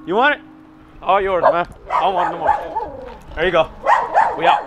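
A man's voice: high-pitched, big pitch swings, moderate pace, very noisy. A young man vlogging outdoors on city streets, joking and teasing his dog in comedic banter. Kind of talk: comedic walking vlog.

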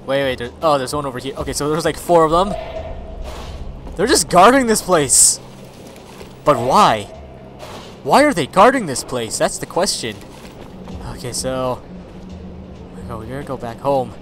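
A man giving let's play commentary. He is excitable, swears a lot and yells at his game companion. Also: medium pitch, moderate pace, pauses often, soft background music. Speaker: gaming video creator.

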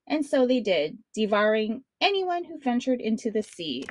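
A woman's voice: on the high side, sing-song, normal speed, few pauses, no echo. A woman reading a children's picture book aloud as a read-along host, in a friendly storytelling manner. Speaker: storybook reader.

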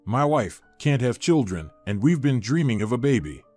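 A man doing a cheerful, smooth-talking stranger. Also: medium pitch, sing-song, normal speed, a little mellow, dry recording, soft background music. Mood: persuasive.

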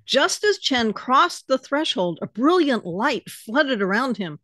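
A woman author reading her story aloud with animated narration. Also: fairly high pitch, measured pace, hardly any pauses, dry recording.

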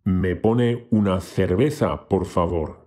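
A man giving a scripted language lesson who slowly and carefully demonstrates how to pronounce each word. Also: low-pitched, darkish tone. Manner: slow, careful demonstration of pronunciation. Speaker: language teacher.

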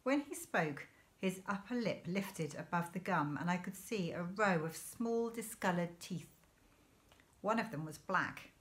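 A woman teacher reading a children's novel aloud in a clear, measured storytelling manner. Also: fairly low pitch, fairly bright tone. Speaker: primary school teacher.

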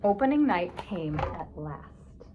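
A woman reading a children's picture book aloud, expressive and stopping to ask her young listeners questions. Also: fairly low pitch, slow, highs cut off, noisy background. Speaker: storybook reader.

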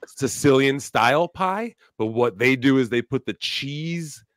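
A man's voice: medium pitch, animated, a little slow, no echo, clean studio sound. A man on a podcast talking emphatically and with profanity in casual banter. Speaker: podcast host.

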